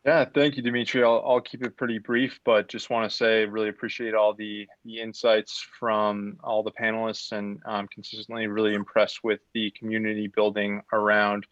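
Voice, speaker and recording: A male panelist with a lowish, flat voice who keeps his remarks short and appreciative. The call audio is dull and muffled, with a dry sound and no room echo. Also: moderate pace, hardly any pauses. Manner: brief, appreciative.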